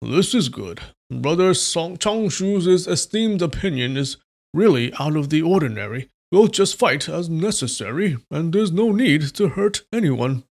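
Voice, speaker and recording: An earnest martial sect elder read by a man with a raised, loud voice, firm and plain. The gravel of the reader's own voice shows through, as in a storybook reading. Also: fairly high pitch, animated, a little slow, voice pushed up, full character voice. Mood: eager.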